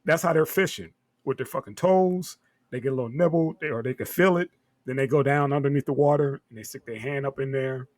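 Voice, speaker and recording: A man's voice: medium pitch, a little fast, darkish tone, dry recording. A man co-hosting a podcast, telling stories in loose, profane chat. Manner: profane, storytelling. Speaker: podcast co-host.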